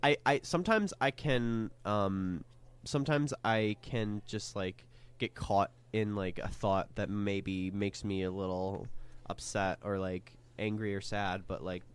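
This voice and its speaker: A man's voice: on the low side, measured pace, clean tone. A young man co-hosting a podcast in casual chat, talking hesitantly with many fillers and restarts. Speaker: podcast co-host.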